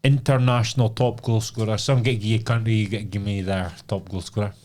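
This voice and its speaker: A man's voice: on the low side, fairly even intonation, brisk, a little mellow, slight background noise. A Scottish man hosting a podcast quiz, teasing his friends, laughing and swearing in casual chat. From Scotland. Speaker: podcast host running a quiz. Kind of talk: casual pub-style chat.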